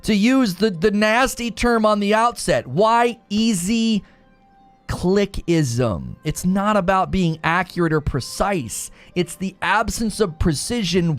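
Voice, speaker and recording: A man runs a live gaming talk stream, answering his chat head-on and arguing with it in an animated way. His voice is a little high.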